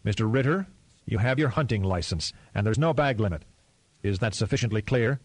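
A man reading the lines of a male president, speaking quietly in a clipped, menacing way, his anger held tightly under control. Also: fairly low pitch, animated, a little fast, breathy edge, no echo. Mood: blunt anger. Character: furious, grimly calm male president.

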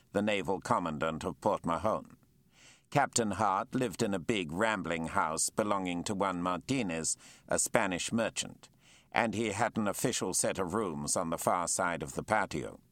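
A man reading a novel aloud as narrator, measured and expressive. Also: low-pitched, no room sound. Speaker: audiobook narrator. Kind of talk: scripted narration.

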